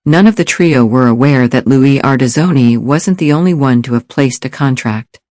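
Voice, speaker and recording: Measured male thriller narrator, dry booth. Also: mid-range voice, no room sound. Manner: steady, measured storytelling. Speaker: audiobook narrator.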